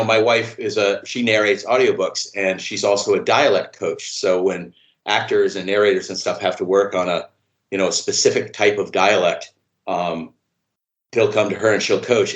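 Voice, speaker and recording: A man with a lowish voice, talking as a podcast guest. He rambles along casually, leaning on "you know" and the odd curse word. His voice rings in a noticeably echoey room. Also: fairly bright tone. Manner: rambling, peppered with "you know", swears freely. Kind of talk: casual conversation.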